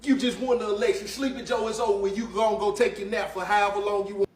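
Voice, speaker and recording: A man ranting in excitement over the news, exclaiming and repeating himself. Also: high voice, fast, reverberant, distant mic, slight background noise. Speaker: vlogger reacting to news. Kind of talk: excited reaction rant.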